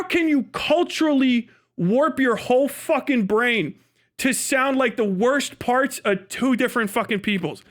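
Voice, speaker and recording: A man's voice: very high voice, normal speed, fairly bright tone. A man hosting a livestream, reacting with profane, mocking commentary and frequent laughter. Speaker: livestream host.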